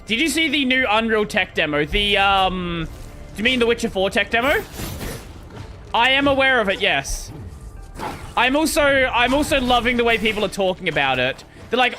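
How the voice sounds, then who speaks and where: A man's voice: very high-pitched, expressive, normal speed, sharp tone, faint music behind. A man chatting casually while streaming a game, rambling and swearing as he plays. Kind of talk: casual gameplay livestream chat.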